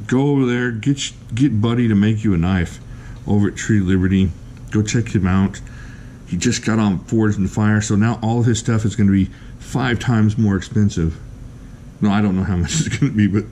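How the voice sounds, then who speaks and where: Excitable man gushing over knives. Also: fairly low pitch, slight background noise. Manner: excitable, gushing, self-deprecating jokes. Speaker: knife reviewer. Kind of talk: casual vlog review. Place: indoors at a table.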